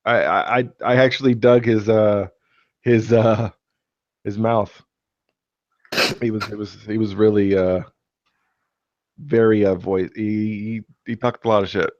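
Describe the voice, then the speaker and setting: A man's voice: lowish voice, steady tone, unhurried, long pauses, a little mellow, no room sound, muffled recording. A man hosting a casual live stream chat, rambling with many fillers and restarts. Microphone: computer mic on a live stream.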